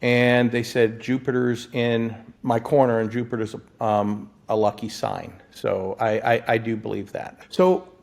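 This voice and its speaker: A gravelly-voiced man from Florida tells his story as an interview guest. He is excitable and stumbles over his words with frequent restarts, laughing often. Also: medium pitch, measured pace, hardly any pauses. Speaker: guest, physician and lottery winner.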